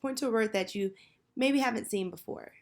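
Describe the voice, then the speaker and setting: A woman teacher leading a children's phonics lesson, patiently prompting and pausing for answers. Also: on the high side. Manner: slow, patient, call-and-response prompting.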